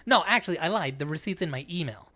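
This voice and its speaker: Profane, animated man telling a story. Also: on the high side, fast talker, crowd noise. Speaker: podcast co-host. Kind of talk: casual podcast chat.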